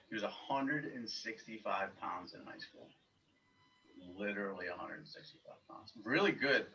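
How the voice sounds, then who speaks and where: A man's voice: on the low side, bright, forceful tone, slight background noise. A man from the Northeastern US, a recruiting analyst on a casual podcast, giving blunt, confident opinions over distant, dull remote audio.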